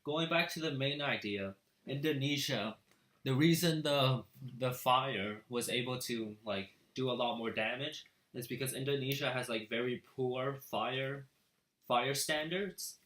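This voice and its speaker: A teenage boy co-hosting a student podcast, explaining points haltingly with lots of fillers. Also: medium pitch, a bit bright. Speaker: co-host. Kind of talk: casual chat. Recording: echoey room.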